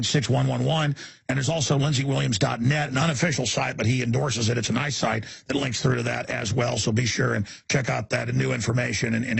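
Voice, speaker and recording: A male talk radio host with a gravelly, somewhat husky voice, recorded dry and close. He rambles through plugs and questions with plenty of fillers. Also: mid-range voice, no echo. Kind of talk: fast call-in radio talk.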